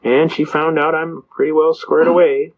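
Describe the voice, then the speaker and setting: A man's voice: fairly high pitch, level tone, normal speed, vocal fry. Folksy older man telling a story. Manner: folksy, acts out quoted voices. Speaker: speaker on constitutional law. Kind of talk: storytelling talk to an audience. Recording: slightly dull lo-fi recording.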